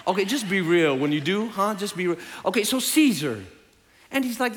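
Bright-voiced Southern preacher. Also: male voice, high voice, normal speed. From Tennessee. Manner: animated storytelling, playful asides. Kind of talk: lively sermon. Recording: reverberant hall.

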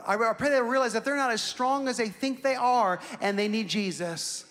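A young man preaches a sermon built around a personal story, with a strikingly high voice. He tells it in an animated, self-mocking way and leans into the humor. His words ring out with a long reverb, as if spoken in a large sanctuary. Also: normal speed, faint music behind. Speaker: pastor.

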